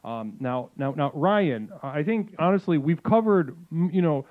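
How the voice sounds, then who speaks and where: A man hosting a live call-in stream, speaking with a deadpan, mock-guru manner in comedic chat. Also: fairly high pitch, moderate pace. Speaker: livestream host. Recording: tinny phone-like audio with faint music.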